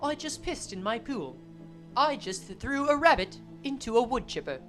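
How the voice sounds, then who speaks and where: A woman gaming streamer with a lively, jumping voice, reading scenes aloud between casual, foul-mouthed jokes. Soft background music runs under her talk. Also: on the high side. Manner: casual, swearing, quick jokes. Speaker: game streamer. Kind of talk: let's play commentary and reading game text.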